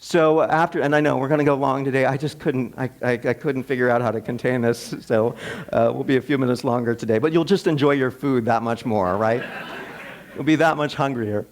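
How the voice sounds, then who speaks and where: A man's voice: medium pitch, a little fast, a little hiss or hum. A man, a minister, giving a sermon as a conversational personal story, often restarting and repeating words, in a church. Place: church sanctuary.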